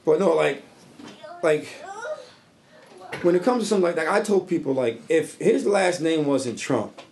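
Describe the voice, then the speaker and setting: A man with a slightly higher voice than most men, chatting loosely on a podcast. He rambles, swears freely and gets animated as he makes his points. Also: normal speed. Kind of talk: casual chat.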